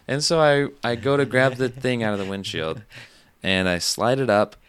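A young man, a podcast co-host, telling an animated story among friends and acting out what was said. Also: mid-range voice, moderate pace, smooth, no echo. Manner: animated storyteller, acts out quotes.

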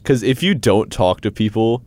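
Teen guy, very low voice, relaxed podcast co-host reading tips. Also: moderate pace. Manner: laid-back, reads out tips. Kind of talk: casual chat.

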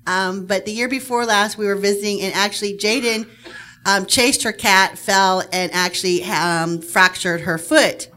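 Bright woman telling a story with fillers. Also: medium pitch, normal speed. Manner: many fillers, lively telling. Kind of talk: telling a personal story to an audience.

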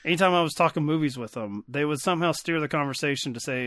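A man's voice: on the high side, fast talker, fairly bright tone. A man hosting a podcast, riffing in casual, profane banter with frequent laughs. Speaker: podcast host. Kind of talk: casual chat.

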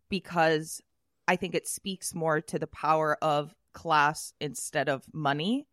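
A woman's voice: fairly low pitch, no echo, clean studio sound. A woman from the United States co-hosting a film podcast, talking things through reflectively with many fillers. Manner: reflective, uses lots of 'like'. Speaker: podcast co-host. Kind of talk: casual film discussion.

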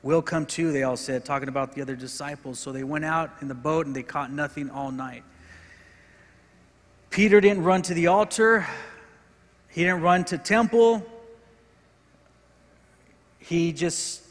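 A male pastor preaching a sermon in earnest, swinging between forceful emphasis and quiet, with frequent repeated words. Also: fairly high pitch, measured pace, pauses often. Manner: earnest preaching, rising in intensity and dropping to soft, repeated words. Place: church sanctuary. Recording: hall reverb.

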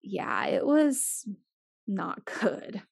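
A woman's voice: medium pitch, huge pitch swings, very slow, gravelly, husky, dry recording. A woman chatting casually as a podcast co-host, full of "like" fillers and blunt swearing. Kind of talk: casual chat.

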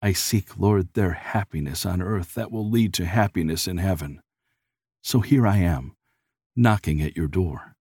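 A man's voice: deep voice, measured pace, darkish tone, husky, no room sound, studio quality, full character voice. A man doing a tearful, desperate poor father. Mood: tearful prayer. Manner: choked, quavering voice holding back tears.

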